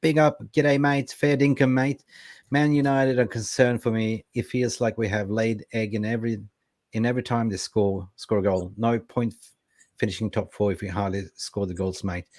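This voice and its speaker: Male fan-show co-host, young adult, low voice, lively chat-reader, dry mic. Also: normal speed, dry recording. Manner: lively, reads viewer comments aloud. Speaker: co-host reading live chat. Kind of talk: casual football fan chat.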